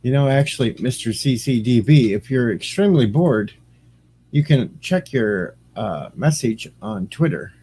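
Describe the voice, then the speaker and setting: Streamer, male, relaxed dark tone, loose rambling chat that greets viewers. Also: mid-range voice, measured pace, a little hiss or hum. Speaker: streamer and radio host. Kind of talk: casual livestream chat.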